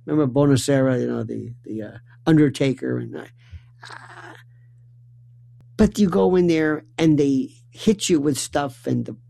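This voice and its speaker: A man from New York telling a comic family story, acting out voices with stammering restarts and lively swings. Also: on the high side, a little slow, gravelly.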